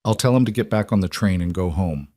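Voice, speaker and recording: A man reading the lines of a stubborn, bitter young ranch woman in a curt, flat way. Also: deep voice, fast talker, dry recording, clean studio sound.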